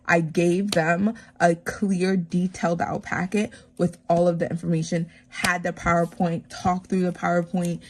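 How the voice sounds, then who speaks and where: A woman's voice: on the low side, a little hiss or hum. A woman, a teacher, chatting casually and retelling her week with lots of fillers while she counts cash into savings envelopes.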